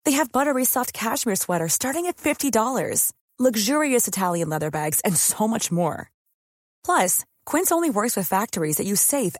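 A woman's voice: mid-range voice, no echo, clean studio sound. A woman reading a scripted ad in an upbeat manner. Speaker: ad reader. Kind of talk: scripted ad read.

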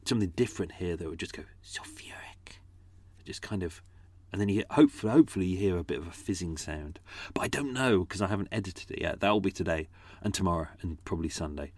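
A man with a lowish voice rambles through behind-the-scenes notes, often restarting and correcting himself. The sound is close and dry, with no room around it. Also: no room sound. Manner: rambling, self-correcting, chatty. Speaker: podcast creator. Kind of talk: casual behind-the-scenes commentary.

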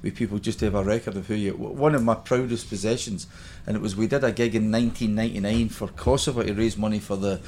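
A man's voice: fairly low pitch, steady tone, quick pace, hardly any pauses, a little mellow. Scottish guy, 50s, yarning away on a podcast, laughs a lot, bit of background hiss. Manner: chatty storyteller, laughs easily. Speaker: podcast guest. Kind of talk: casual chat.

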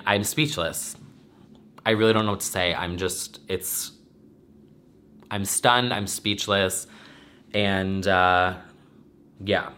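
Teary young man, bright forceful voice. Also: fairly low pitch. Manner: rambling, swearing, with many restarts and fillers. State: teary, emotional. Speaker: podcaster and vlogger. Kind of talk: emotional casual talk to camera.

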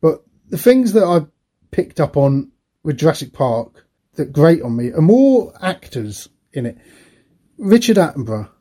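A middle-aged man with a mellow tone and a fairly high voice. He co-hosts a casual film podcast, telling rambling stories about what he has been watching and laughing between thoughts. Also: sing-song, measured pace. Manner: rambling, anecdotal, laughs often. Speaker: podcast co-host.

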